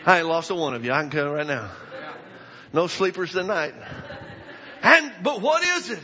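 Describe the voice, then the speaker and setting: A man preaching a sermon, telling a story in an animated way with bursts of shouting. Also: a little high, normal speed. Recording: echoey hall, dull lo-fi sound.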